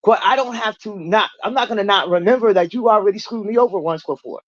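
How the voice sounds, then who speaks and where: A woman's voice: quick pace, no echo, lo-fi sound. A woman telling her own recovery story in a casual livestream chat, blunt and profane, acting out the people she quotes. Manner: animated, acts out quoted people in raised pitch, blunt and profane.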